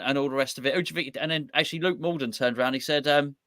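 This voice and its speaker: A man hosting a fan chat show, telling stories in an animated way and quoting what other people said. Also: a little high, very fast, no echo, studio quality. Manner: animated storytelling, quotes others. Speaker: fan channel host. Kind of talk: casual chat.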